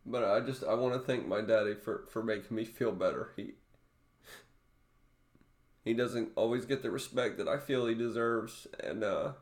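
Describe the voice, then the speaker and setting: A man speaking in an emotional personal vlog, halting and close to tears, often restarting his sentences. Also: fairly low pitch, echoey room. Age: adult father. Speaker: vlogger.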